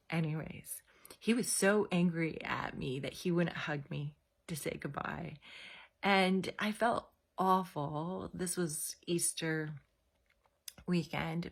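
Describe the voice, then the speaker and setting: A woman in her forties tells a personal story. Her voice sits low and slightly husky. She talks in a casual, confiding way, full of fillers. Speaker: host.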